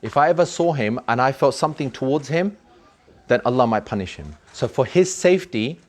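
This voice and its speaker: A man's voice: medium pitch, animated, brisk. A man telling a story to children in an earnest, emphatic way, repeating words for effect.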